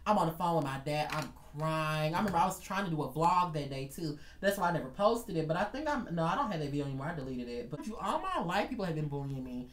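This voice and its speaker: A man telling a dramatic storytime vlog in an animated way, talking straight to his viewers. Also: a little high, fast talker, few pauses, echoey room. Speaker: vlogger.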